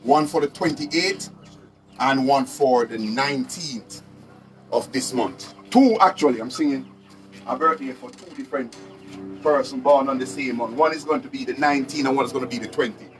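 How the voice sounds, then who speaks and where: A man's voice: mid-range voice, fairly even intonation, moderate pace, soft background music. A Jamaican man hosting a live stream to sell chickens, talking casually in patois and repeating his phrases.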